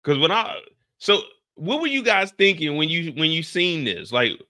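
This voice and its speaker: A young man from the Bay Area hosting a casual TV recap, talking in an animated, profane way. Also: on the high side, moderate pace. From San Francisco Bay Area. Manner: animated, profane, acts out scenes with shouted put-on lines. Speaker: recap show host.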